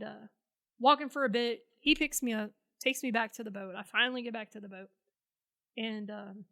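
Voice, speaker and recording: A woman's voice: a little high, bright, forceful tone. A woman guest telling a personal story in an interview, blunt and profane, acting out the dialogue she quotes. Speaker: podcast guest, Navy veteran.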